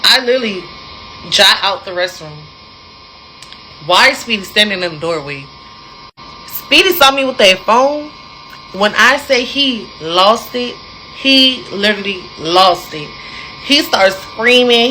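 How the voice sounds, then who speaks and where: A young adult woman telling a personal story in a casual, animated way, speaking straight to her listeners. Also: mid-range voice, slight background noise, rough recording. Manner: animated, addresses listeners directly, dramatic pauses.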